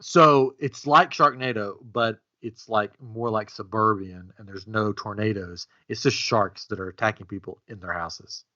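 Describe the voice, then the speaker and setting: An animated man spins a jokey made-up story, his bright, forceful voice jumping into high-pitched bursts. The audio is a bit dull and lo-fi. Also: normal speed, few pauses. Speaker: podcast co-host. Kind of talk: casual playful chat.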